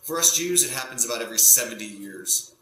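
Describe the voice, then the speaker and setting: Rambling bright-voiced stand-up comic. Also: male voice, medium pitch, animated, fast. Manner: rambling, self-interrupting, provocative. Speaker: stand-up comedian. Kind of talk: stand-up routine to camera. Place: home setup in front of a green screen. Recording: echoey room with faint hum.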